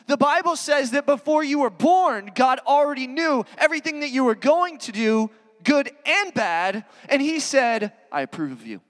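Very high-voiced preacher in a reverberant hall. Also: male voice, lively intonation, moderate pace, a bit bright. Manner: conversational, earnest, many "you know" fillers. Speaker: pastor. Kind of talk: sermon.

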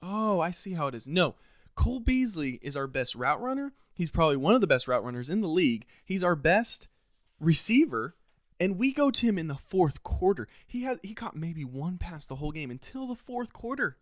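A man hosting a podcast, delivering a frustrated, sarcastic solo rant with sudden leaps up in pitch and loudness. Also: sing-song, normal speed, dry recording, studio quality. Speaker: podcast host.

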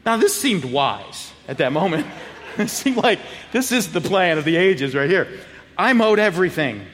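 Animated man preaching in a reverberant church. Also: high-pitched, normal speed, a little hiss or hum. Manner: animated, laughing, acting out quotes. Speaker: pastor. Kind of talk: sermon storytelling. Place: church sanctuary.

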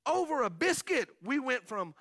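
A man's voice: very high-pitched, big pitch swings, moderate pace, gravelly, fairly bright tone, no echo, studio quality. A middle-aged man preaching a sermon as the pastor, chatting with the congregation and calling out to them for answers. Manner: conversational preaching with audience call-outs.

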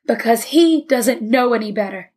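A woman's voice: on the high side, expressive, moderate pace, darkish tone. A woman voicing a large, stern rabbi in a storybook reading, ironic and scolding. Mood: cold. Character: large stern middle-aged male rabbi.

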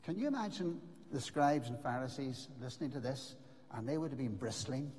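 An older man preaching a sermon, earnest and emphatic, with dramatic pauses. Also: medium pitch, lively intonation, darkish tone. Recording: long reverb of a large hall.

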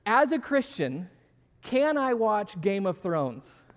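In a church auditorium, a pastor with a high, light voice gives a relaxed, conversational sermon at a slow pace, taking audience questions. He's self-deprecating and jokes with the crowd, while the large hall leaves a long trailing reverb.

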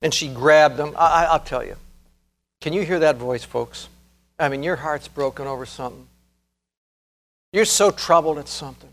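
A man preaching a sermon as pastor, earnest, slowing down and rising in fervor to stress key words. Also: on the high side, soft background music.

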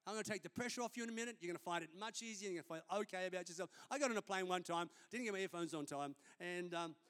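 A man's voice: sits high, very fast, fairly bright tone, clear, resonant tone. A man, a senior pastor preaching a sermon in a conversational, storytelling way during a church service.

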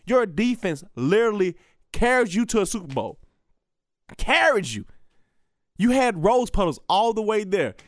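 A man's voice: high-pitched, very animated, moderate pace, long pauses, no echo, studio quality. A man hosting a solo podcast, rambling and profane, with lots of restarts. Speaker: podcast host. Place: radio station studio.

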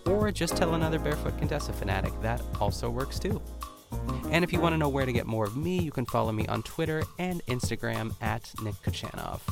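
Gravelly, rambling male podcast host. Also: medium pitch. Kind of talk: casual podcast recap chat.

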